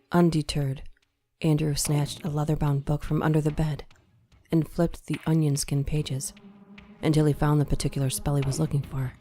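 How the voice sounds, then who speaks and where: A woman with a low, dark voice narrates a horror story in a measured, dramatic manner. Faint music plays behind her. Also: little pitch movement.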